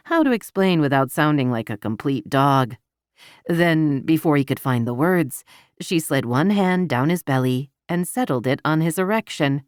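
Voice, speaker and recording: A woman narrating a romance audiobook in an even, intimate storytelling manner, recorded close to the mic. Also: sits low, normal speed, clean tone, no room sound.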